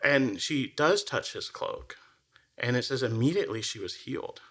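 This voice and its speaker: Male podcast co-host, bright and forceful tone, mid-range pitch, chatty storyteller who slips into little character voices. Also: normal speed. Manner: animated storyteller, acts out quoted voices; frequent fillers like "like" and restarts. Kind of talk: casual conversational chat.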